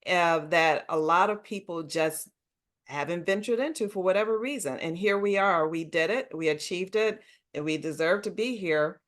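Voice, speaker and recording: Expressive woman telling stories in a low voice. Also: moderate pace. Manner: animated, emphatic storyteller who laughs often. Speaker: guest. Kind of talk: conversational interview storytelling.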